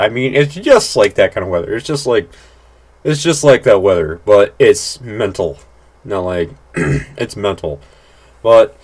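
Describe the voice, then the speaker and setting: A man in mid-pitch giving loose, off-the-cuff commentary over gameplay. He rambles, restarts his sentences, fills gaps with "like" and swears without fuss. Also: darkish tone. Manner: blunt, swears casually. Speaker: gaming channel host.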